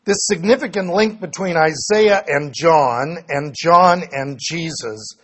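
Leading a Bible study, a man with a fairly high, slightly raised, husky voice reads scripture aloud. He then explains the passages in plain language and often catches and corrects his own slips.

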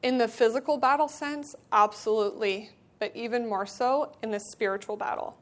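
A woman's voice: on the high side, fairly even intonation, moderate pace. Earnest woman giving a devotional talk. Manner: earnest, conversational, with filler words. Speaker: speaker addressing a church community. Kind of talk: devotional talk and read-aloud storybook.

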